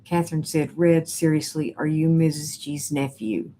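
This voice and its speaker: A woman's voice: low voice, flat delivery, moderate pace, warm tone, a little hiss or hum. A woman hosting a casual live stream, reading viewer comments aloud with sassy, teasing asides.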